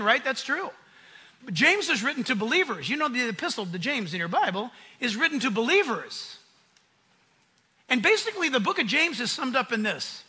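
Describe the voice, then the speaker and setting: Raspy, bright-voiced American preacher man. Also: very high voice. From United States. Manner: animated preaching, acting out quoted voices. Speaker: pastor. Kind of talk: sermon. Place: conference hall.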